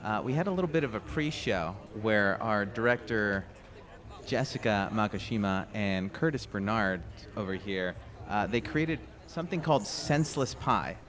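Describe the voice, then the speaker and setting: A man's voice: on the low side, lively intonation, normal speed, fairly bright tone. A young man announcing a street parade outdoors on a radio feed, upbeat and chatty with a joking manner. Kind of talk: live event commentary.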